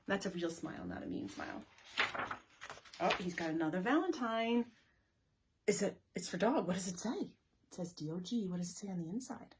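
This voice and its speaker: A woman librarian leading story time for young children, reading and rhyming in an animated, sing-song way and asking them questions. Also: mid-range voice, normal speed, long pauses, a little hiss or hum.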